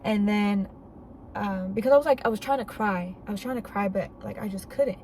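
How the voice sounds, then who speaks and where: A woman's voice: medium pitch, moderate pace, a little mellow, a little hiss or hum, poor audio. A woman vlogger telling a personal faith testimony, earnest and candid, speaking casually with fillers.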